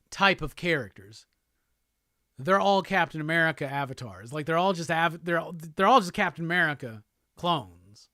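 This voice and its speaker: A man's voice: on the high side, bright, forceful tone, no room sound, studio quality. A man hosting a live show, chatting loosely and profanely while reading viewer comments aloud. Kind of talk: casual livestream chat.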